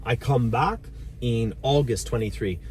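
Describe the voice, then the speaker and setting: A man's voice: mid-range voice, measured pace, crowd noise. Blunt swearing man ranting. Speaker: volunteer driver and channel host. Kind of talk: casual sit-down conversation.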